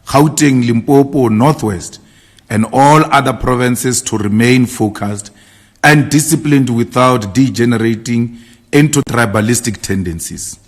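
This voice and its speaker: Man giving a political speech. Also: medium pitch. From South Africa. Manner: declamatory, repetitive rallying cadence. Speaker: party leader giving a statement.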